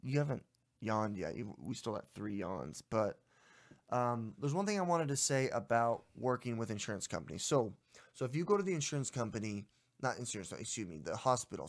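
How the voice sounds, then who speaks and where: A young adult man co-hosting a casual podcast, telling a story in an exasperated, ranting way. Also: medium pitch. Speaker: podcast co-host.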